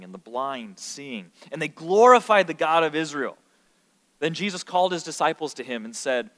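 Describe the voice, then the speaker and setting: A man's voice: a little high, fairly bright tone, big-room sound. A man preaching a sermon as pastor, earnest, and stumbling over repeated words when he builds emphasis.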